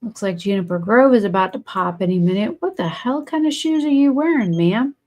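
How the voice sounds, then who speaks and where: A woman's voice: mid-range voice, lively intonation, brisk, darkish tone. A woman, chatting casually and bluntly while streaming a game, swearing freely. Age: 40s. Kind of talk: casual gaming stream chat.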